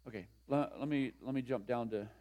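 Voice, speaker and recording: A man's voice: mid-range voice, fairly quick, mellow. A man in his sixties preaching a conversational sermon, stressing points and asking the congregation questions. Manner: conversational, emphatic, asks the room questions. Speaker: pastor.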